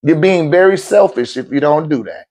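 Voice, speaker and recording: A man's voice: fairly high pitch, animated, moderate pace, a little mellow. A middle-aged man, giving blunt, profane life advice in a casual monologue and laughing often.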